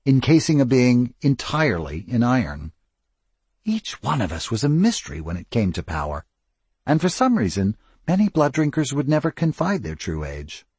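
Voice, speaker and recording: Expressive male narrator, husky, lively, dry close sound; fits first-person audiobook. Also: mid-range voice, no echo.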